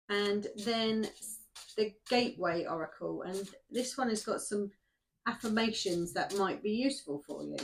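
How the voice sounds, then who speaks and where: A woman's voice: mid-range voice, a little hiss or hum. A middle-aged woman in a summer house, rambling casually to herself as she reads oracle cards. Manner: chatty, rambling, talks to herself while shuffling cards. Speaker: tarot card reader. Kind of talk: casual oracle card reading.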